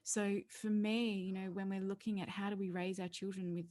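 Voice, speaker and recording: A woman who is a parenting educator appears as a guest in a conversational interview, speaking a little fast at medium pitch with little pitch movement and a darkish tone. Earnest, she tells stories, laughs often, and acts out quoted voices.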